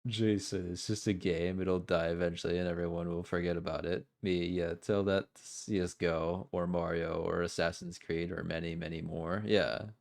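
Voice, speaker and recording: A man's voice: low voice, little pitch movement, moderate pace, creaky, few pauses. A man in casual reaction chat on a stream, mocking and laughing often.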